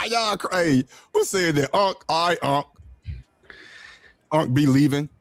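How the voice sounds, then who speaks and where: Animated, teasing man. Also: on the high side, slow pace, no room sound. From Saint Louis. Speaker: caller. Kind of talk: casual call-in chat.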